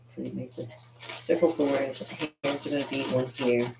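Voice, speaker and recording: Low-voiced chatty woman artist. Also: fairly even intonation, moderate pace, gravelly, background noise. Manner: chatty and rambling, with frequent laughs. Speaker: artist hosting a live drawing stream. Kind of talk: casual live drawing tutorial.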